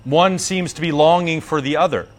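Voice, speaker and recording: A man's voice: a little high, normal speed. A man telling a story in a casual, slangy way as a yoga teacher, acting out the characters. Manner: slangy, animated, acts out characters.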